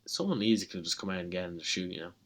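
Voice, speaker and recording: Young Irish guy, lowish voice, animated guest telling a story, swears a lot. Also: racing. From Ireland. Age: young adult. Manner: animated, swears freely, uses lots of fillers. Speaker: college tennis player, guest. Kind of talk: casual storytelling.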